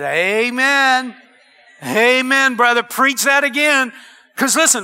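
High, bright-voiced pastor preaching. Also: male voice. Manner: animated, calls for amens, laughs at his own jokes. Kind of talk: sermon.

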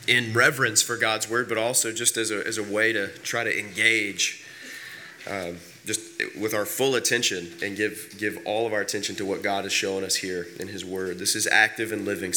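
A man preaching in a church while he gets over a cold, his voice lowered and a bit rough. He talks in an easy, conversational way and often restarts words. His tone stays low but bright and forceful. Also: slight background noise. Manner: casual and conversational, with frequent fillers and repeated words. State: recovering from a cold, voice lower than usual. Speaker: pastor. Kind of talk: sermon. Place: church sanctuary.

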